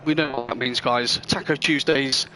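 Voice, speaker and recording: Hosting a sim racing stream, this man chats and rambles with viewers in easygoing, friendly banter. His medium-pitched voice is bright and forceful, steady in tone and moderately paced, over a faint hiss or hum.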